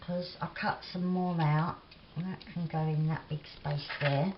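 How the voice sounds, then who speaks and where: A craft vlogger from England with a Cockney accent and a deep, fairly even voice works on a craft at her kitchen table, reminiscing as she goes. She talks slowly and loosely in a rambling, chatty way, laughing often and filling her sentences with "like". The sound is a little dull, with a faint hiss behind her.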